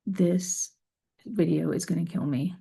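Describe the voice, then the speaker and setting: A woman with a deep, mellow voice reads a scripture passage and then talks it through in an earnest, reflective way. Her delivery stays conversational, with a gravelly edge of vocal fry running through it. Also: fairly even intonation, unhurried. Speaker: faith video creator. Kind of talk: scripture reading and reflective talk.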